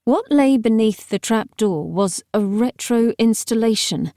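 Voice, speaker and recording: A woman narrating an audiobook in a wry, even storytelling manner. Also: on the high side, a little slow, no room sound. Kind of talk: scripted narration. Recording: dry, close studio sound.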